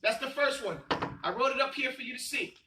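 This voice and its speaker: A man's voice: very high voice, animated, brisk, reverberant, distant mic, noisy background. A man teaching a religious class, quizzing his students and stressing key points. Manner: quizzing students, emphatic and repetitive. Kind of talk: classroom lesson with call and response.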